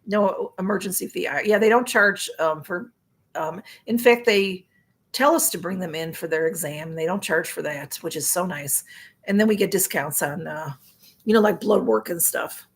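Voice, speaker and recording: A middle-aged woman with a Chicago accent hosts a live stream in a casual, rambling chat, reading out viewer comments, her voice going a little hoarse. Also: on the low side, moderate pace. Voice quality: rambling, chatty, with frequent fillers and restarts. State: voice getting hoarse.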